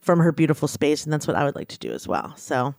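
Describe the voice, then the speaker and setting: A woman's voice: sits low, big pitch swings, darkish tone, dry recording. Chatty woman podcast co-host, dry sound. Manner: chatty, quick asides, playful teasing. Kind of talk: casual chat.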